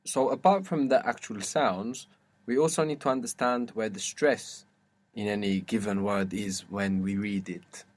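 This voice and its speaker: A man's voice: fairly low pitch, unhurried. A man teaching a one-on-one language lesson, patiently explaining step by step and quizzing his student.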